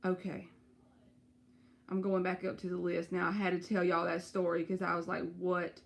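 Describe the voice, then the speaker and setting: A woman, giving tarot readings on a live stream and chatting to her viewers in an animated, storytelling way. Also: lowish voice, moderate pace, vocal fry. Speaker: tarot reader.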